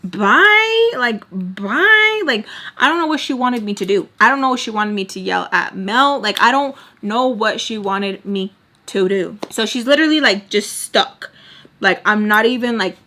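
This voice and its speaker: A woman's voice: medium pitch, normal speed, sharp tone. A woman in her twenties telling a story in a casual, chatty way, filling her sentences with "like". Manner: chatty, peppered with "like", acts out quotes. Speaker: storytime vlogger.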